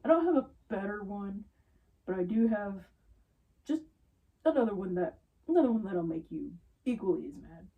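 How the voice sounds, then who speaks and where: A woman's voice: mid-range voice, normal speed, long pauses, distant mic, phone-quality sound. A young woman retail worker casually telling an exasperated story about rude customers. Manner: exasperated, animated retelling with quoted customers.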